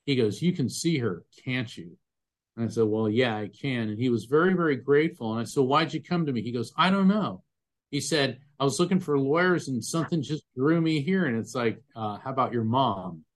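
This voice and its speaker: This is a man talking in an interview with an earnest, emphatic manner. He tells his stories at a medium pitch and describes physical sensations vividly, as a medium and former attorney. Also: lively intonation, a little fast. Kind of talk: conversational interview storytelling.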